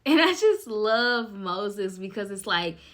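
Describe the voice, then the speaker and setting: A woman's voice: mid-range voice, big pitch swings, slow, fairly bright tone. A woman casually retelling a Bible story, chatty and slangy, full of "like" and "y'all".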